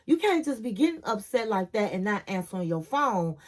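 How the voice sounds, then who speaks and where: A woman from Chicago quoting an adult man in her recap, calm and firm as he sets boundaries. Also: medium pitch, fairly quick, pitched below the performer's own voice.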